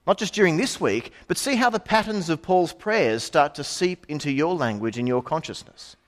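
A man's voice: on the high side, animated, normal speed. A middle-aged man preaching a sermon in a conversational way, with asides and rhetorical questions.

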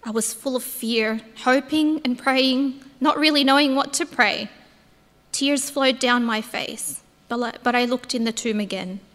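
In an echoey church hall, a woman performs as Mary Magdalene, a disciple who grieves and then overflows with joy, reading a heartfelt first-person account. Her high, fairly bright voice moves a little slowly, earnest in its storytelling, sounding awed and tearful.

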